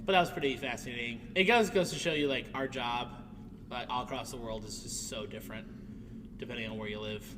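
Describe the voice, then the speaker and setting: A man's voice: medium pitch, fairly quick. A man co-hosting a podcast for music teachers, telling stories in casual chat with frequent laughs. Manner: laughs often, rambling storyteller. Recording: roomy, distant mic with noise.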